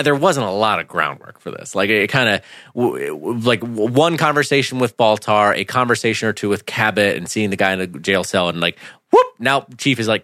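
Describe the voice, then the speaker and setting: Man, podcast co-host, animated and bright tone, dry close sound, casual TV chat. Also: on the low side, no echo. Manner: animated, laughs often, acts out characters' lines. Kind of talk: casual TV episode discussion.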